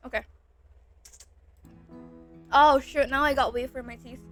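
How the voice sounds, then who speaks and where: A young woman streams and chats into a close desk microphone, her voice sitting high and light. She rambles, giggles, and repeats herself when she gets flustered. Faint music plays quietly in the background. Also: steady tone, measured pace. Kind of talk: casual livestream chat while eating. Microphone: close desk mic.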